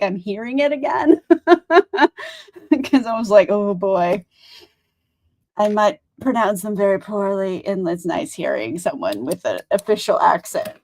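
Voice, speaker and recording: A woman's voice: medium pitch, darkish tone. A young woman streamer chatting casually about books, rambling, laughing often and filling her talk with "like," a bit tired. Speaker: book streamer. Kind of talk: casual livestream chat.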